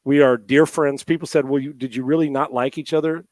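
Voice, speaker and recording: A man's voice: mid-range voice, steady tone, brisk, darkish tone, no room sound. A middle-aged man, a guest in an interview, talking in a heartfelt, emotional way with many restarts. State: emotional, near tears. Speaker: guest, former NFL quarterback and radio host.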